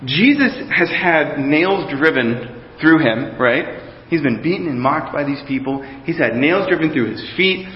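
Man, pastor preaching a casual sermon, higher-pitched voice, long hall reverb, slightly muffled sound. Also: expressive, a little slow, a little hiss or hum. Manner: conversational preaching with many restarts and asides to the congregation.

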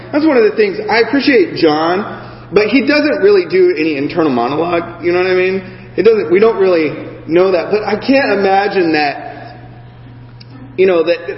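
A man preaching a sermon, reading scripture and then talking it through in a lively, animated way, acting out the voices he quotes. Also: on the high side. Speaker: pastor. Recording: echoey hall, dull sound.

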